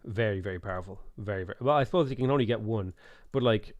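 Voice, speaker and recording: A man's voice: on the low side, quick pace, no echo, lo-fi sound. A man in his late twenties with a Dublin Irish accent chatting casually on a live stream while gaming, rambling, reading chat aloud and musing over game options. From Ireland.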